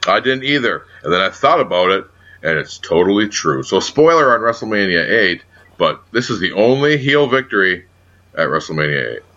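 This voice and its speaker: Low-voiced guy, bright and punchy, swears a lot, podcast chat on dull lo-fi audio. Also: moderate pace. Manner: profane, animated, ribbing his co-host. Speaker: podcast co-host. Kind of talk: casual wrestling podcast chat.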